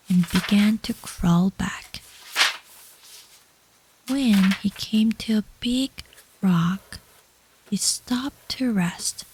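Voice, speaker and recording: A woman telling a bedtime story in a soft, unvoiced whisper, as whispered role-play. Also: mid-range voice, a little hiss or hum, poor audio. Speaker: ASMR storyteller.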